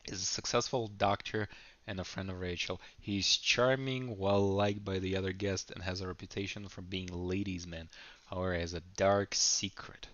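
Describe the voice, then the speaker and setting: A man's voice: deep voice, a bit bright, no echo, dull audio. A man reading an AI game prompt aloud, stumbling and laughing as he comments. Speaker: video creator.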